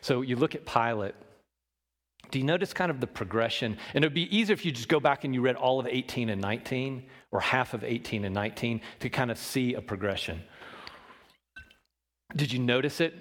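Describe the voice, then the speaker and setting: A man preaching a sermon, shifting between loud emphasis and hushed low lines and asking the congregation questions. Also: a little fast, in a large hall. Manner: talks with the congregation, asks them questions. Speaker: pastor.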